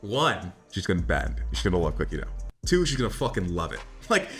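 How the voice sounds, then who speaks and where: A man's voice: sits low, wildly swooping pitch, fast, a bit bright, faint music behind. A man talking as a dating coach in a casual monologue, brash and profane, often laughing at his own jokes and tossing in "right?". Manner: repeats "right?" and "like" constantly.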